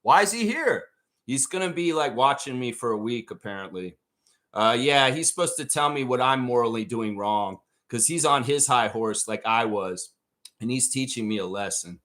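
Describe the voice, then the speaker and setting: A man's voice: mid-range voice, animated, normal speed, fairly bright tone, natural voice. A man voicing a nervous male office worker who has been caught gossiping, talking in a flustered, whiny way.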